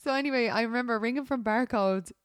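Lively Irish woman telling stories. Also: on the high side, quick pace, smooth, no echo. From Ireland. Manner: animated storytelling, acts out voices, laughs often. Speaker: podcast co-host. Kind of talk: casual chat.

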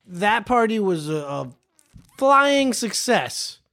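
Animated, slow-talking man ranting. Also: high voice. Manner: animated, profane, repeats phrases for emphasis. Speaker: podcast host. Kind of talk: casual storytelling monologue.

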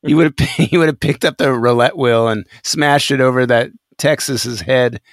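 A man co-hosting a podcast, chatting casually and retelling scenes with animated energy and frequent laughter. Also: mid-range voice, moderate pace, no room sound, studio quality. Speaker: podcast co-host. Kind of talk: casual chat.

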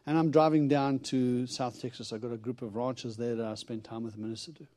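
Itinerant preacher, male, mellow tone, animated storyteller voicing his own quotes. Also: mid-range voice, quick pace. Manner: animated storyteller, acts out quotes, laughs often. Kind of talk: storytelling sermon.

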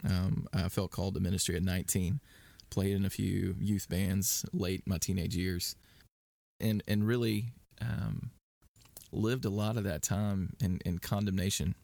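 A man with a low, gravelly voice talks casually in a podcast interview. He wanders through his answers with frequent fillers and restarts. The sound is dry and close. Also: steady tone, measured pace, a little mellow, no room sound. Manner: rambling with many fillers and restarts. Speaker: worship leader and podcast guest.

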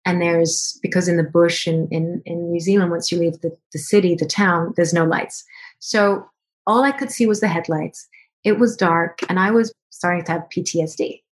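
A woman guest on a podcast telling a personal story in an animated way, acting out both sides of remembered conversations. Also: fairly low pitch, moderate pace, a little hiss or hum. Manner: animated, acts out both sides of dialogue in quoted voices.

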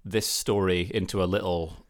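Male podcast co-host, low voice, easygoing and self-mocking. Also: steady tone, normal speed. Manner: chatty, laughs often, self-deprecating. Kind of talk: casual podcast chat.

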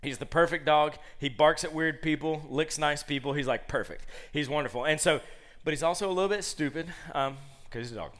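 A man in his thirties preaching a sermon, talking casually and acting out quotes with lively voices while telling family stories. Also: brisk. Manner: animated, conversational, acts out quotes in high voices.

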